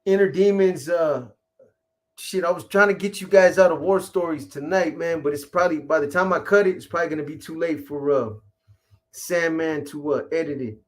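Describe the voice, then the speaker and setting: A man's voice: a little high, fairly even intonation, moderate pace. A middle-aged man hosting a casual live stream, rambling and profane, greeting viewers by name in street slang. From California.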